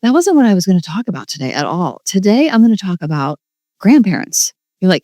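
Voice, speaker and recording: A woman's voice: medium pitch, very animated, brisk, dark tone, dry recording, clean studio sound. A woman in her forties hosting a podcast, talking in a casual, rambling, gushing way and filling her speech with "like.". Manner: rambling and gushing, heavy use of "like". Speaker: podcast host. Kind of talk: casual solo podcast monologue.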